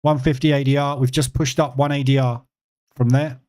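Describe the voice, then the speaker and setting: Guy running a live trading stream, mid pitch, loose and chatty, lots of ums. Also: brisk. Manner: relaxed, conversational, answers chat questions; emphatic repetition with frequent fillers. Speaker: trading educator hosting a live session. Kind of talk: live-stream market commentary.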